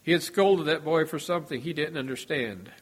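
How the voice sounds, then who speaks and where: A man preaching a sermon in a measured, earnest way, his voice dropping softly at the ends of phrases. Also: on the high side, slightly rough.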